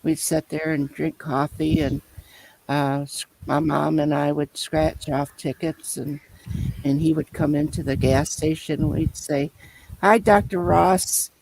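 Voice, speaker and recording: A man telling a long personal story in casual chat, rambling and halting as he loops back over his points. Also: fairly high pitch, flat delivery, creaky, darkish tone, slightly rough, poor audio. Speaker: storyteller in a conversation.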